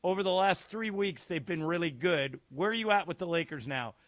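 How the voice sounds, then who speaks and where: A man's voice: high voice, a little fast, fairly bright tone, no echo. A male sports radio co-host asking questions in a casual, conversational way.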